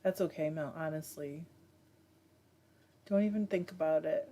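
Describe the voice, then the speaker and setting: With a deep, dark-toned voice and a slightly slow delivery, a woman from Michigan hosts a livestream. She reads the chat aloud and talks casually, using many fillers.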